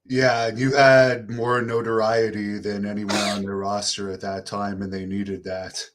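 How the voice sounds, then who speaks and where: A man's voice: fairly low pitch, little pitch movement, measured pace, fairly bright tone. A man interviewing a guest, offering short, agreeable comments and follow-up questions. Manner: brief, agreeable follow-up remarks.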